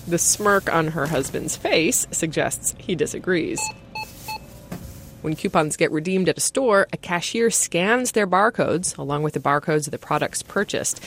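A woman radio reporter narrating a news feature in a brisk, wry way. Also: on the low side, a little hiss or hum.

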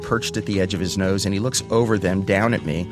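A man with a low, steady voice tells his own story in a lively way. He switches into the voices of the people he quotes. Guitar music plays clearly under his speech. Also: brisk. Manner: animated, acts out quoted voices. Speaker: storyteller recounting his career. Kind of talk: spoken personal storytelling.

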